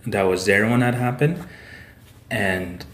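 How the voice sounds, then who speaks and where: A man's voice: on the low side, slow pace, fairly bright tone. Rambling man in an echoey room. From Saskatchewan, Canada. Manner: rambling, tag "eh" and "like" fillers. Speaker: podcast guest, author. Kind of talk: casual storytelling. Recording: roomy echo.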